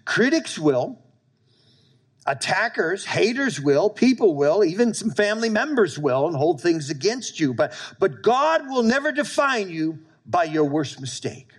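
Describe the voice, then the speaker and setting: Male pastor preaching emphatically to his congregation, voice sitting a little high. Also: big pitch swings, measured pace, breathy edge. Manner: emphatic preaching, repeating lines and calling for amens. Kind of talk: sermon.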